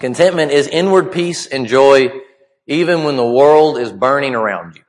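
A man delivering a sermon in a conversational, halting way with frequent restarts. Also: mid-range voice. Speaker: preacher. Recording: long hall reverb.

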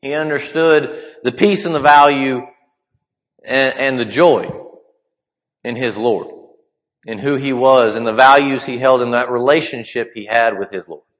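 A man delivering a sermon in a conversational, halting way with frequent restarts. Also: medium pitch. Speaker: preacher. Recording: long hall reverb.

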